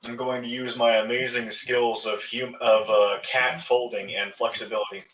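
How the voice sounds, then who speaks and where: A man's voice: mid-range voice, little pitch movement, normal speed, background noise. A man playing a tabletop game, talking playfully and casually. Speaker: player. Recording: roomy, distant mic.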